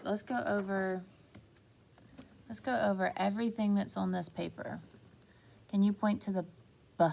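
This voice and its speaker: Gravelly slow-talking woman teacher. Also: mid-range voice, darkish tone. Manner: slow, encouraging, drawn-out words. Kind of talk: phonics lesson for young children.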